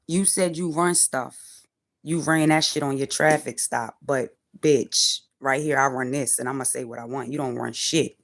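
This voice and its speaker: A woman in her forties ranting on a livestream from her car, profane, defiant and preachy. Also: low-pitched. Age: 40s. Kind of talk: angry livestream rant.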